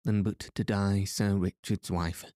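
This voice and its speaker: A man's voice: fairly low pitch, flat delivery, a little slow, mellow, dry recording, lightly acted. A man reading the lines of an earnest young noblewoman in a formal way.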